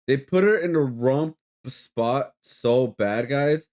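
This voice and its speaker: A man's voice: mid-range voice, slow, darkish tone. Rambling man telling a story. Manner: rambling storytelling with frequent fillers and swearing. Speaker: streamer. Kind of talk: casual reaction stream chat.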